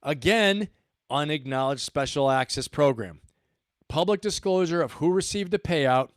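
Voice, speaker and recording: A man's voice: fairly high pitch, animated, moderate pace, no echo, studio quality. A man hosting a livestream, giving emphatic commentary and repeating his points for stress. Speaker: host.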